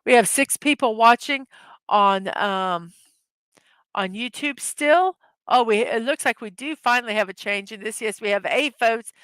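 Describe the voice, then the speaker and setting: A woman hosts a casual morning livestream, rambling loosely, laughing easily at her own jokes, and correcting herself mid-sentence. Her voice is a little high, unhurried, fairly bright, clear and resonant, with no room sound.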